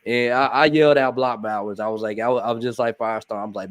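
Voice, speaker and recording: A man's voice: mid-range voice, fast talker, hardly any pauses, dry recording. A man hosting a podcast, talking in a laid-back casual way and tacking "man" and "bro" onto almost every sentence. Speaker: podcast host. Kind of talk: casual chat.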